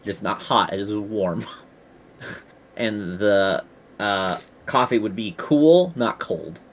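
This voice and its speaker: A man's voice: on the low side, animated, slow pace. A man running a tabletop game as game master, casually narrating and correcting himself. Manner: casual, laughing, self-correcting.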